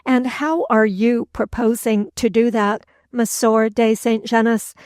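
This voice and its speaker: A woman playing an unflappable English gentleman in a storybook reading, cool and lightly sarcastic. Her delivery is slow and even, the pitch held flat on a somewhat high voice. The sound is dry and close. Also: no echo, natural voice. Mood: calmly mocking. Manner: cool, unperturbed, mildly mocking.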